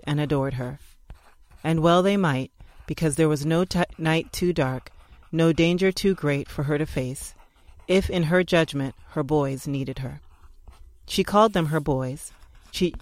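A man reading a scripted historical narration in a measured, earnest way. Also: on the high side, dry recording, poor audio.

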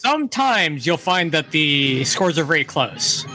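A man's voice: a little high, very animated, a little slow, sharp tone, faint music behind. A man co-hosting a casual game stream, plainly explaining how the game works. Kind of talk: casual chat while playing a game.

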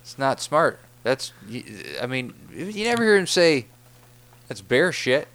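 A man's voice: a little high, big pitch swings, moderate pace, fairly bright tone, clean tone. A man co-hosting a comedy podcast, teasing and swearing in loose banter. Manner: goofy, needling, swearing asides. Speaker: podcast co-host.

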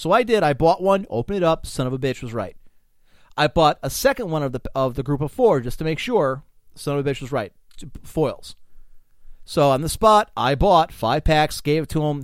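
A man's voice: fairly high pitch, no echo, studio quality. A man hosting a podcast, telling rambling, profane stories in casual chat. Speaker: podcast host.

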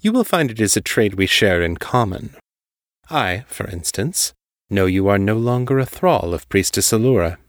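A deep, cultured underworld boss speaks slowly and with total control, as a man reads him. The low voice sits close and dry, never rising. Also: no echo. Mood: coolly controlled. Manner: calm, carefully controlled, slow. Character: deep cultured male crime boss on phone.

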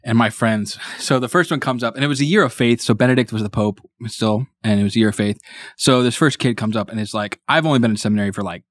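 A man from Indiana, a priest, telling a story in casual conversation in an animated, self-mocking way, laughing often. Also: mid-range voice, fast, no room sound. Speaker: priest, interview guest.

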